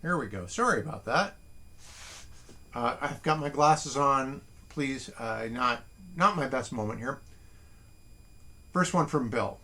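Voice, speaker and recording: A man hosting a casual morning livestream, reading listeners' haiku slowly and adding wry, chatty asides from his desk at home. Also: mid-range voice, expressive, sharp tone. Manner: chatty and wry, reads poems slowly and deliberately.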